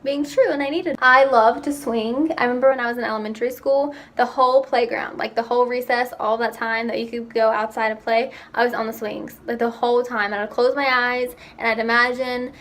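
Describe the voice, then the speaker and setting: A young woman telling stories about herself in a casual, chatty vlog, with quick asides. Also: a little high, steady tone, a bit bright. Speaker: vlogger. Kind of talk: casual chat.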